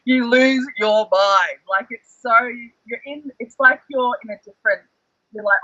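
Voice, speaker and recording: Excitable man, bright tone. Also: very high-pitched, normal speed, no room sound, highs cut off. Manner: excitable, animated storyteller, fillers like "like". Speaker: guest, former reality show contestant. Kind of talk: casual chat.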